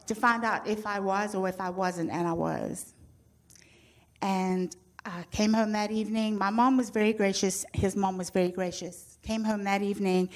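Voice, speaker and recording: A woman in her sixties from Zimbabwe, telling her personal testimony to an audience with frank, self-mocking humor and a storyteller's liveliness. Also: medium pitch. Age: 60s. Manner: animated storyteller who acts out quoted voices. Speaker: speaker sharing her testimony.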